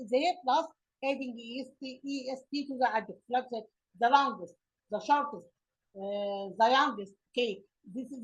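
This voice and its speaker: Halting, husky-voiced woman teacher. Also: fairly high pitch, darkish tone, rough recording. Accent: Egyptian. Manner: halting, many fillers and restarts. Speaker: English teacher. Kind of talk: slide-based grammar lesson.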